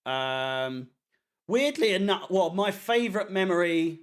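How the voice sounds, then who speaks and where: This fan channel host's voice sits high, clear and resonant, animated but at a measured pace. During his watchalong stream he chats loosely and reads comments, filling the gaps with ums and the occasional curse.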